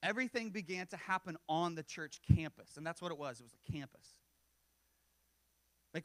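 Pastor, male, 40s, relaxed storytelling sermon with quick jokes, a slightly higher voice, dry close sound. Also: no room sound. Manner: conversational, self-deprecating humor with frequent asides.

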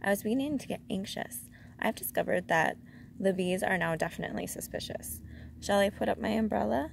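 A woman voicing a gentle, simple-minded male bear in a storybook reading. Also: medium pitch, animated, brisk, creaky, slight background noise. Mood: earnest.

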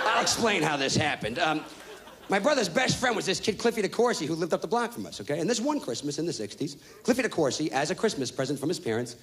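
A brash male stand-up comic tells a profane story on a live stage, his fairly high voice swinging wildly up and down as he shouts his punchlines. The live room leaves a faint hiss of ambient noise behind him. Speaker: stand-up comedian. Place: live comedy stage with audience laughter.

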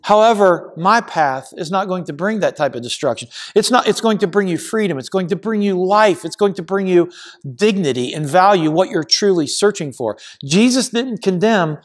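A man's voice: sits high, expressive, moderate pace. A man pastor preaching a sermon in a church, earnest and emphatic, repeating phrases for stress. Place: church sanctuary.

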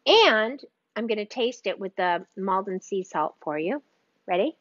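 A woman hosting a live home cooking stream, gushing over the food and talking straight to her viewers. Her voice sits at an ordinary pitch. The sound is a little dull and lo-fi, like a livestream from a kitchen. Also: lively intonation, measured pace, a bit bright, dry recording. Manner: gushing, enthusiastic, chatty with viewers. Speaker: cooking show host.

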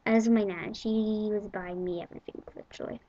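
A female vlogger, chatting excitably to camera about a shopping haul and rambling with giggles. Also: medium pitch, fast, slight background noise. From England. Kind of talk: casual chat to camera. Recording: dull lo-fi home video audio.

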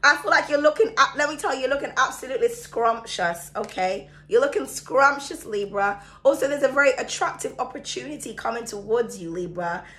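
Chatty tarot lady, bright high-ish voice, sore throat, keeps calling you darling. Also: fairly quick, few pauses. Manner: chatty and excitable, calls viewers darling. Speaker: tarot reader. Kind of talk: casual astrology reading to camera.

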